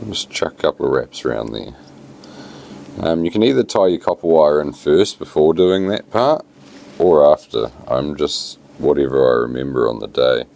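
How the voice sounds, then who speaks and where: This man's extremely low, gravelly voice carries a New Zealand accent at a normal speed. He walks through a fly tying tutorial in a relaxed, plain-spoken way, sprinkling in many fillers.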